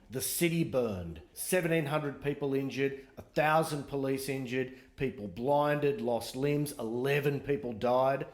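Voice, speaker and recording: A man's voice: medium pitch, roomy sound. An Australian man performing a stand-up comedy routine with dry, sardonic storytelling.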